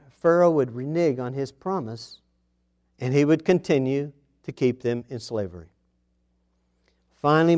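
A male pastor preaching a morning sermon, reading scripture aloud with emphasis and swinging between loud declarations and hushed asides. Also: fairly high pitch, clean tone.

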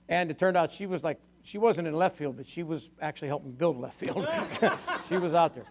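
A man's voice: fairly high pitch, a little fast, a little mellow. An older man preaching to his church, telling personal stories in a chatty way, laughing often and acting out the voices of people he quotes. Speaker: pastor. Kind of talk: storytelling sermon testimony.

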